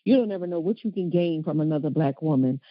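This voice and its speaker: A woman's voice: low-pitched, expressive, fast, no room sound, lo-fi sound. A woman co-hosting a casual podcast chat, speaking emphatically and often affirming her partner. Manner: emphatic, preachy, frequent affirmations. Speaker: podcast co-host.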